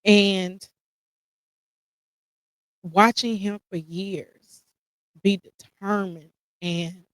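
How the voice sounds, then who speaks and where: A woman's voice: medium pitch, steady tone, extremely slow, pauses often, no room sound, low-quality recording. Emotional woman sharing a personal story. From United States. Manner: emotional, holding back tears; casual, addresses listeners as y'all. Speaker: podcast host. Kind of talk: personal reflective monologue.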